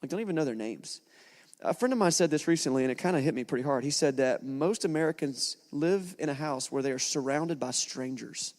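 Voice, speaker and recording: Pastor in a reverberant church hall. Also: male voice, on the high side, fairly quick. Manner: storytelling with lively acted quotes. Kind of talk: sermon.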